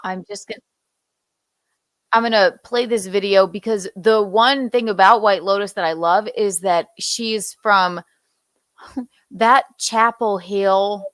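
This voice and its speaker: A woman's voice: medium pitch, steady tone, fairly bright tone, dry recording, clean studio sound. A woman hosting a podcast in casual chat, drawing out words and laughing often. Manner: drawn-out, laughing, gossipy. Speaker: podcast host.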